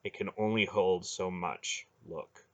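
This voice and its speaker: A man voicing a calm, commanding voice with no body, speaking low and quietly. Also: measured pace, dull audio. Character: disembodied inner voice, calm and commanding.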